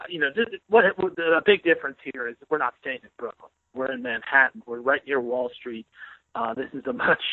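A sports columnist with a fairly high male voice tells jokey stories in a casual podcast chat by phone. He's a boisterous, joking storyteller, and the tinny phone line carries no room sound.

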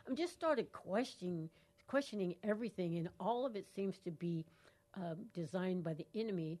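A woman's voice: fairly low pitch, animated, moderate pace, a little mellow. A woman co-hosting a call-in radio show, bubbly and laughing often, speaking into a studio microphone. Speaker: radio co-host.

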